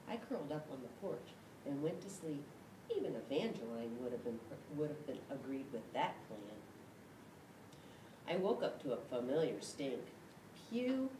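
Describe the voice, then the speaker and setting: Woman reading a storybook aloud, low voice, very lively pitch, echoey room, distant mic, rumbling noise. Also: normal speed. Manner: expressive, shouts and yelps in the dog's voice. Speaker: storybook reader. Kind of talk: reading a picture book aloud.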